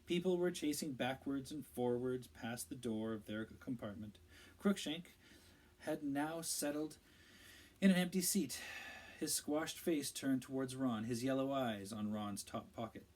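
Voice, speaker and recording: A man narrating a storybook aloud in a steady, measured read-aloud style. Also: medium pitch, rough recording. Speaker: audiobook reader.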